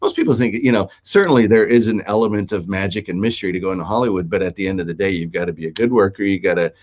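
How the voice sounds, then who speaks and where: A man's voice: low voice, rapid-fire, darkish tone. A middle-aged man from Minnesota hosting a talk show, chatting casually with a guest and often restarting his sentences. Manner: rambling, with many restarts and fillers. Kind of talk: casual interview chat.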